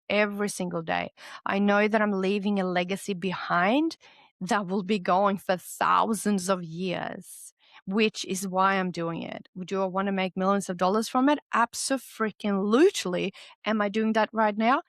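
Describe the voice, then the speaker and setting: Aussie woman host, solo self-help podcast, blunt and lively, swears a lot, dry close sound. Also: medium pitch, vocal fry, no echo. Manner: candid and animated, swears freely. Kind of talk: solo motivational podcast talk.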